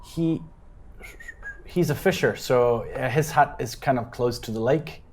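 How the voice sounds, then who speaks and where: A man serves as game master for a tabletop session. He narrates in a relaxed, conversational way, tossing in fillers and making up details on the spot. His voice sits at an ordinary middle pitch. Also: measured pace. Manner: casual, improvising with fillers.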